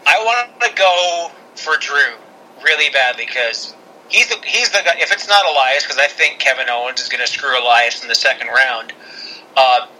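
A man's voice: mid-range voice, moderate pace, sharp tone, slight background noise, poor audio. A man co-hosting a podcast, chatting casually in a joking, self-deprecating way. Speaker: podcast co-host.

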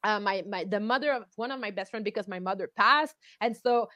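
A young woman hosting a podcast interview, telling a personal story in lively, animated bursts and acting out other people's voices along the way. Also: mid-range voice, brisk, no echo. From outside the US. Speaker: podcast host. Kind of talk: casual interview chat.

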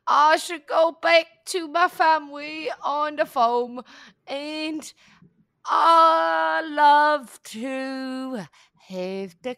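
A woman voicing a rambling homesteader pitching a product, who says "well" again and again through a lisping impediment. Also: fairly bright tone, dry recording, studio quality, full character voice. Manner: repeats "well" over and over, with a lisping, mumbly impediment.

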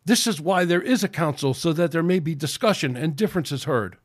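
A man's voice: a little high, expressive, a little fast, pitched above the performer's own voice. A man reading aloud and voicing a defensive male alien leader of the working class who speaks emphatically. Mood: emphatic. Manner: barking, emphatic.

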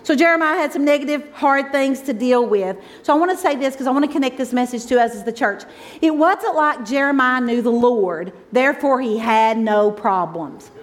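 Woman, 50s, pastor's wife, high bright voice, chatty emotional sermon delivery. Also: moderate pace. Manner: emotional, conversational preaching, swings from loud exclaims to soft asides.

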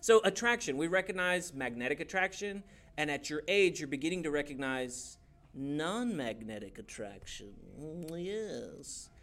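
Playful youth pastor, a higher-voiced man. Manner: playful and animated, acting out quick voices and laughing. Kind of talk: teaching a church youth class.

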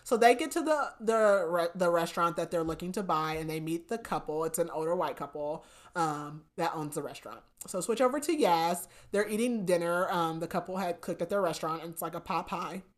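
A woman's voice: fairly low pitch, a little fast. A woman hosting a podcast, giving a chatty book recap, laughing often and saying "like" a lot. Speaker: podcast host.

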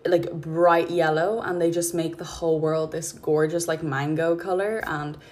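A woman hosting her podcast, talking in a calm, chatty, rambling way into her phone at home. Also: low-pitched, measured pace. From Ireland. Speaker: podcast host and mindset coach. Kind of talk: casual spoken podcast chat. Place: her apartment.

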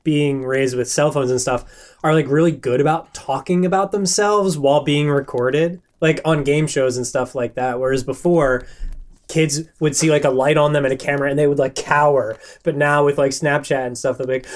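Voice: medium pitch, moderate pace. A podcast host in casual chat, rambling happily through stories. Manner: chatty, rambling with fillers and restarts.

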